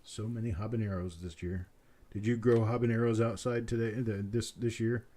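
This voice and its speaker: A man hosting a live online auction chants the same bid again and again in a mellow, relaxed, lowish voice at a moderate pace. Between calls he slips into easygoing, folksy banter, and it all sounds like it comes from his home.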